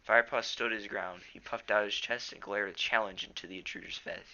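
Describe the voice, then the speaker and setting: A man's voice: lowish voice, steady tone, brisk, pushed and bright, dull audio. A teenage boy reading a novel aloud at home, plainly, with small stumbles. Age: teens. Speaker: reader.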